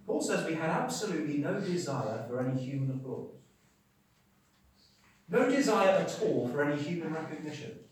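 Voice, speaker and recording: A man preaching a sermon. He talks emphatically, asks rhetorical questions and swings between loud and quiet. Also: a little high, big pitch swings, normal speed, recorded from a distance, a little hiss or hum. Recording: very echoey hall, speaker away from the mic.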